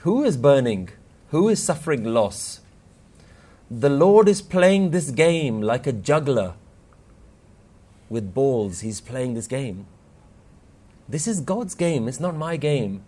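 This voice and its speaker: A man's voice: mid-range voice, sing-song, slow pace, long pauses, mellow. Earnest male spiritual speaker. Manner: earnest, rises and falls for emphasis, quotes scripture. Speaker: Sikh workshop speaker. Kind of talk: spiritual talk with storytelling.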